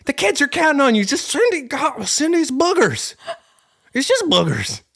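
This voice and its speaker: A man's voice: extremely high pitch, wildly swooping pitch, normal speed, creaky, sharp tone, pitched above the performer's own voice, exaggerated voice. A man voicing a frantic mother who pleads and screeches at her husband during a game show. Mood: shrill pleading.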